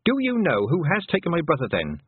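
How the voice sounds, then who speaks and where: A man playing a sharp, determined young girl. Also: on the high side, wildly swooping pitch, fast, husky, voice pushed up, heavily acted. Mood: urgent. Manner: sharp, urgent, demanding. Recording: dry, phone-like narrow sound.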